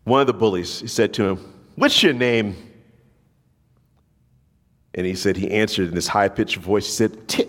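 A pastor preaches a sermon in a large hall, telling a story and acting out the voices of the people in it. His voice is fairly low.

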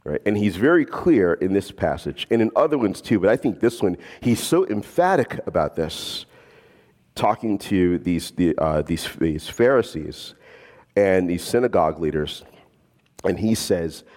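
A man preaching a sermon as a pastor, animated and casual, slipping in jokes. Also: low-pitched, measured pace, big-room sound.

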